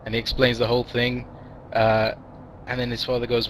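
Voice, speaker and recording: Brief: man telling a long joke to friends, rambling, mid-pitched. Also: little pitch movement, normal speed, music in the background, rough recording. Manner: rambling, many fillers and restarts, laughing.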